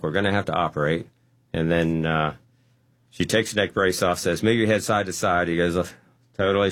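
A man telling his testimony as a guest, acting out the dialogue with animated energy. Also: low-pitched. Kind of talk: testimony storytelling.

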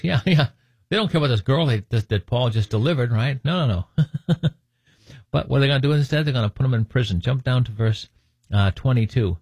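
A man teaches from the Bible conversationally, reading scripture aloud, then commenting on it with joking asides and laughing at his own points. His mid-range voice is a little mellow and husky, with lively intonation and a brisk pace. The recording is dry.

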